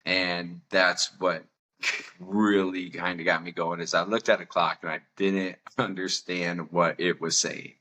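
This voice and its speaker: A man's voice: sits low, flat delivery, measured pace, background noise. A young adult man hosting a podcast, telling a candid personal story with a self-mocking tone and frequent laughter. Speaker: podcast host.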